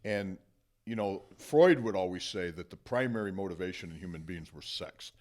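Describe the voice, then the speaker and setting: Low-voiced man hosting a podcast. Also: expressive, darkish tone. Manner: measured, explanatory, gives short listening murmurs. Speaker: podcast host, psychologist. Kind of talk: conversational interview.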